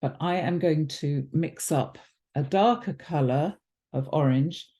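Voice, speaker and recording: Mellow-voiced woman teaching watercolour. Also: deep voice, a little slow. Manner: chatty, thinks aloud with ums and self-corrections. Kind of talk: relaxed painting demonstration.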